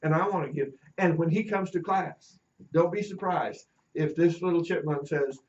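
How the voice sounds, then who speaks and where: A man's voice: a little high, moderate pace, a little mellow, highs cut off. A middle-aged man teaching a class, telling anecdotes and acting out the voices of people in his stories. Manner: storytelling, acts out quoted voices. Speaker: teacher educator.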